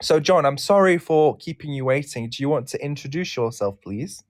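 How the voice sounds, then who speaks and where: A British man hosting a casual online chat, playful and quick to laugh. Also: fairly high pitch, dry recording. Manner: animated, laughs often, playful. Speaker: host.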